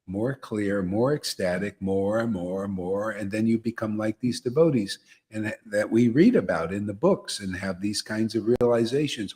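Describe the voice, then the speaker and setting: A man's voice: fairly low pitch, moderate pace, darkish tone. A man teaching a devotional gathering, repeating phrases and often asking "see?". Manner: repetitive, emphatic, asks listeners "see?". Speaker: spiritual teacher leading satsang.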